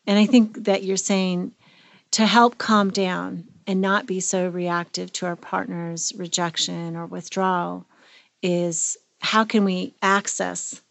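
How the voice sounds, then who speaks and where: A woman's voice: fairly low pitch, level tone, takes it slowly, creaky, dry recording. A woman, a therapist co-hosting a podcast, speaking in an earnest, personal way. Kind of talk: casual podcast conversation.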